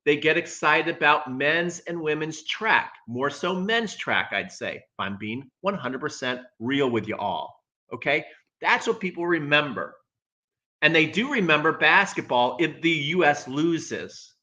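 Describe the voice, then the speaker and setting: A man with a bright, forceful voice talks through tennis in a casual live stream. He is emphatic and repeats his points, and he answers viewer comments as he goes. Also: fairly high pitch, lively intonation, unhurried.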